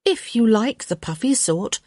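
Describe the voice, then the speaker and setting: A woman's voice: on the high side, animated, a little slow, darkish tone, dry recording, voice pushed up. A woman voicing a stubborn young unmarried lady who answers her mother in a dry, teasing way. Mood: wry.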